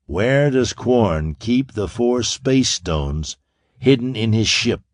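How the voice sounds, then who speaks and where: A man's voice: medium pitch, animated, slow pace, no room sound, studio quality. A man voicing a confident young space hero in an audiobook, wry, clipped and commanding.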